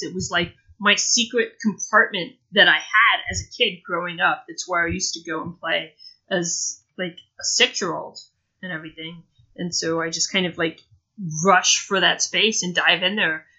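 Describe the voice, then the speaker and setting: A woman's voice: fairly low pitch, fairly even intonation, normal speed, bright, forceful tone, husky, dull audio. A woman playing a tabletop game, describing her character's actions casually in first person with lots of fillers. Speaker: player.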